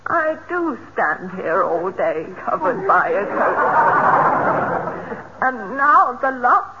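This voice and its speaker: An actor playing a hurt, nagging wife in a radio comedy, speaking plaintively and reproachfully. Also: male voice, high voice, big pitch swings, extremely slow, muffled recording, full character voice. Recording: hissy old radio recording.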